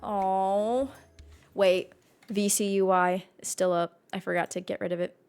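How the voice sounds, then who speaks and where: A woman's voice: mid-range voice, flat delivery, a little slow, darkish tone, clean tone, faint music behind. A young woman chatting casually on a live stream, rambling and easily sidetracked while she plays.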